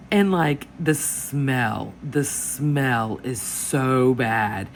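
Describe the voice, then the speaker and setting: Woman, very deep voice, animated casual storyteller, home desk recording with faint hiss. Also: slow. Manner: chatty, animated retelling with quoted voices and laughter. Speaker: planner vlogger. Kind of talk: casual storytelling while planning. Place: home desk with dogs nearby.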